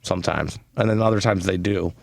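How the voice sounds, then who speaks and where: A man's voice: low-pitched, brisk, creaky, no room sound. A middle-aged man co-hosting a podcast, riffing in casual comedic chat and laughing often. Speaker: podcast co-host.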